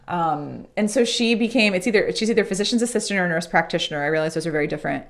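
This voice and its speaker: This podcast guest, a woman whose voice is slightly low and gravelly, races through a personal story with few pauses. Her manner is earnest, reflective, conversational and sincere, and she acts out recalled dialogue in lively voices.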